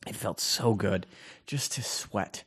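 A man's voice: lowish voice, slow, a bit bright, breathy edge. A man in his thirties co-hosting a podcast, rambling and chatty with lots of fillers. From Scandinavian heritage. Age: 30s. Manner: chatty and rambling, many fillers, laughs easily. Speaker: podcast co-host. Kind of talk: casual podcast banter.

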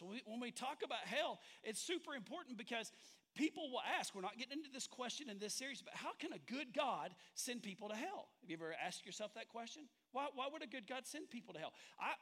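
High-voiced man preaching with humor. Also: bright, forceful tone. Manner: conversational, engages the congregation with questions and humor. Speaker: pastor. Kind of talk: sermon.

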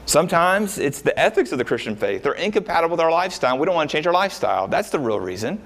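A man preaching a sermon as a pastor, talking through the verses with rhetorical questions and frequent pauses. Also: on the high side, sing-song, a bit bright.

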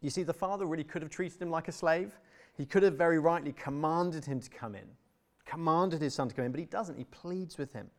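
A young adult man delivers a sermon in a slightly raised voice. He speaks earnestly and with emphasis, and he often drops to a quiet, tender tone on key phrases. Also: fairly high pitch, fairly quick. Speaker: preacher.

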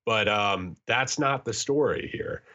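A man's voice: on the low side, animated, slow, sharp tone, muffled recording. A man co-hosting a podcast in casual chat, telling a story in a jokey, self-mocking way. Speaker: podcast co-host.

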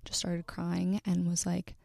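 Speaking earnestly to camera about her own experiences, a young woman in her twenties stops and starts often. Her voice is low and gravelly with fry, stays flat, and frequently sinks to a breathy near-whisper, captured in a close, dry recording.

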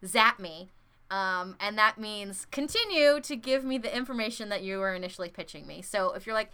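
Bright, giggly young woman chatting. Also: mid-range voice, expressive, moderate pace, smooth. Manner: giggly, filler-heavy, playful with words. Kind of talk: casual chat.

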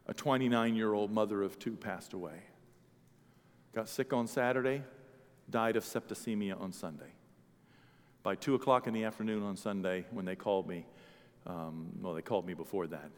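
A man preaching a sermon as a pastor, telling a story and swinging from quiet to loud. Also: lowish voice, moderate pace, long pauses, in a large hall.

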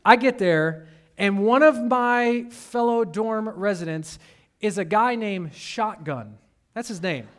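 A man's voice: high voice, lively intonation, slow pace. A man from Detroit, Michigan, preaching a sermon as a pastor in a conversational storytelling way with humorous asides.

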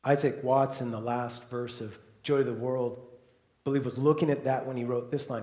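A man preaching a sermon as pastor, moving between soft, hushed passages and loud, emphatic ones. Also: mid-range voice, steady tone, fairly quick, roomy sound.

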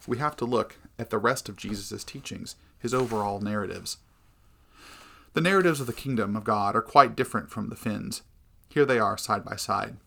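Gravelly man reading a devotional book. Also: lowish voice, a bit bright. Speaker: narrator of a Christian book. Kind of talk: scripted narration of a devotional book.

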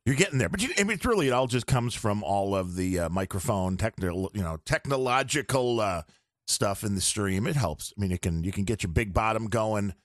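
A man's voice: on the low side, expressive, fairly quick, dry recording, studio quality. A man guesting on a podcast, chatting casually and rambling on about audio gear.

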